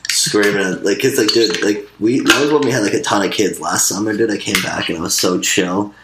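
Young man, very low voice, laid-back banter full of swearing, roomy sound with light noise. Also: a little fast. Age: young adult. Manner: laid-back, swears a lot, says dude often. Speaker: former camp counselor. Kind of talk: casual chat.

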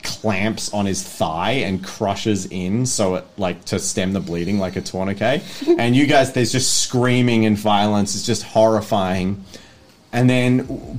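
A man's voice: lowish voice, a little slow. A man acting as game master, narrating a tabletop game in a casual, vivid way with lots of fillers.

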